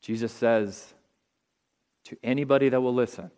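A man preaching a sermon in an auditorium, earnest and deliberate, letting phrase ends drop softly. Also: medium pitch. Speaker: pastor.

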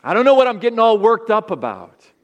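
A man voicing a coaxing inner voice that brushes off concern, in a higher, louder, breezy tone. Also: big pitch swings, brisk, big-room sound. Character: coaxing dismissive inner voice, male.

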